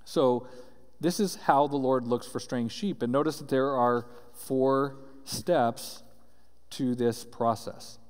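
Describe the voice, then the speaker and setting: A man's voice: mid-range voice, steady tone, slow pace, smooth. A man preaching a sermon as pastor, reading scripture aloud and explaining it earnestly, often checking in with "right?". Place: church sanctuary. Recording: roomy church hall reverb.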